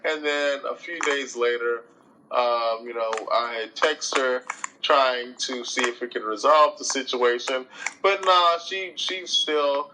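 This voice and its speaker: A man hosting a discussion show, retelling a story in an animated, colloquial, exasperated way. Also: mid-range voice, slow pace, noisy background. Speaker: host. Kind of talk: casual storytelling monologue.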